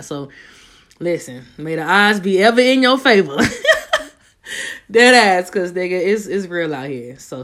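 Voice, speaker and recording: A woman's voice: on the low side, a bit bright. Slangy, profane young woman podcaster. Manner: loose, profane, slangy storytelling. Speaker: podcast host. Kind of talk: casual solo podcast chat.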